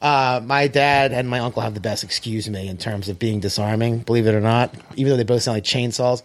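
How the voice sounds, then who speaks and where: A man telling a long story in casual chat, animated, swearing and acting out quoted dialogue. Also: mid-range voice, fairly quick.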